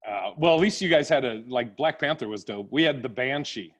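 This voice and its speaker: A man's voice: mid-range voice, lively intonation, brisk. A man, a stand-up comedian guest, telling childhood stories in casual chat over a video call, laughing often and acting out voices.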